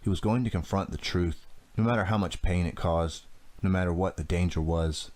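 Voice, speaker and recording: Deep-voiced man narrating a story. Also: moderate pace, a little mellow. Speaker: audiobook narrator. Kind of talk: scripted narration.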